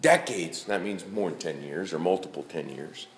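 A man's voice: sits low, moderate pace, roomy sound, a little hiss or hum. A middle-aged man preaching a sermon in a church, folksy, calling out members of the congregation by name.

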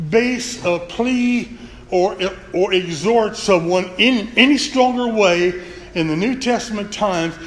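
A man preaching a folksy, earnest sermon to his congregation. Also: high-pitched. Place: church sanctuary. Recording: echoey church hall, faint room noise.

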